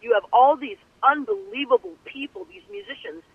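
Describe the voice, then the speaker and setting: An older woman tells her story down a tinny phone line, her gravelly voice rising and falling in lively swings. She is animated and acts out every voice she quotes. The line is dry and close. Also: high-pitched, normal speed, no echo. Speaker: guest singer. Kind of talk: storytelling interview. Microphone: telephone.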